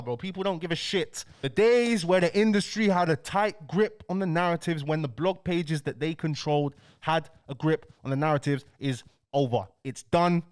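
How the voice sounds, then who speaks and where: A man delivering heated, slangy commentary as a YouTube host. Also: on the high side. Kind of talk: ranting commentary.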